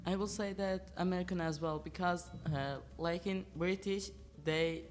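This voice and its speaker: A man's voice: sits high, fairly even intonation, moderate pace. A teenage boy with a Turkish accent, a student guest speaking hesitantly with many fillers. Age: teens. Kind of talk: casual discussion.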